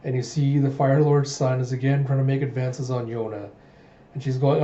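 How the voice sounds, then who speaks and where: A man casually narrating a comic readthrough, chatty and full of asides. His voice is very mellow and dark, and his pitch sits in the middle. The recording is roomy and slightly dull. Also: fairly even intonation, moderate pace. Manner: chatty, retelling with many "he's like" asides. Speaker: comic reader and reviewer.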